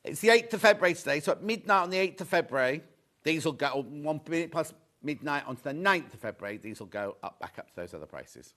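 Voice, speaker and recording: Middle-aged male host from England, chatty and upbeat, slightly high-pitched, pushing deals on a live shopping show. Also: lively intonation, fast, fairly bright tone. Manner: chatty, upbeat salesman patter, reads viewer messages. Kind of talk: live sales presentation.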